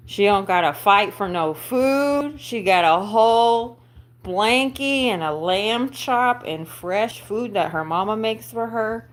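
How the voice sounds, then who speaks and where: On a livestream, a woman with a medium-pitched voice chats casually as she plays with her dog, laughing and cooing baby talk into a phone set on a stand.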